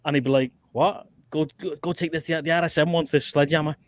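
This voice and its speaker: A man's voice: on the high side, steady tone, fast, no echo. A man hosting a livestream, swearing and laughing as he tells army stories and acts out the quotes. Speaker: host. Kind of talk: casual livestream chat.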